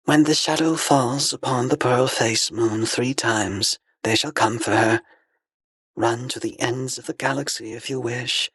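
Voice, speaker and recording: A man's voice: mid-range voice, fairly even intonation, unhurried, fairly bright tone, slightly rough, dry recording, pitched above the performer's own voice. A man voicing a blindfolded alien woman emissary, a serene fanatic who speaks in solemn ritual pronouncements. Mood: serene menace.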